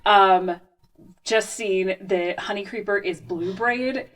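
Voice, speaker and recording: A woman playing a tabletop game, explaining her character in a thoughtful, halting way. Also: mid-range voice, far from the mic, low-quality recording. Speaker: player.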